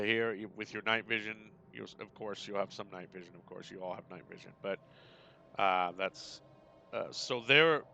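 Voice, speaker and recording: Male game master, halting casual narration, bright lower voice. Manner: hesitant, many fillers and restarts.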